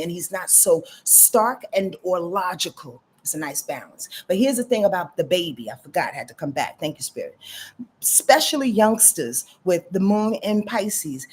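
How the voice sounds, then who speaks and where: A woman's voice: mid-range voice, a little mellow, husky. A woman astrologer giving casual live readings, talking straight to her viewers with lots of "y'all" and "you dig?".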